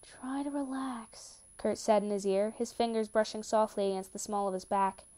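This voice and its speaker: A woman reading a romance story aloud with steady, calm narration. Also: mid-range voice, brisk, clean tone. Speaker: reader. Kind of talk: reading fan fiction aloud.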